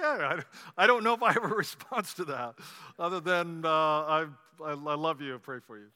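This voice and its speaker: Brief: male pastor, conversational and animated sermon, high bright voice, long hall reverb. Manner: animated storytelling, conversational asides.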